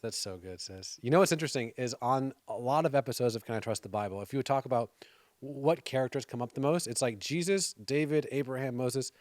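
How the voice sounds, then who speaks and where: A man of medium pitch hosts a faith-based interview show. He talks conversationally, with playful banter and easy restarts. His voice sounds close and dry. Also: fairly quick, no room sound. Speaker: TV show host. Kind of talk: casual interview chat.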